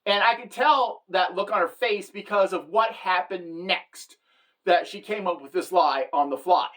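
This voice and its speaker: A middle-aged woman telling a comic story as a monologue, animated and deadpan at the punchlines, jumping into the voices of the people she quotes. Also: on the low side, a little slow. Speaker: comedic storyteller.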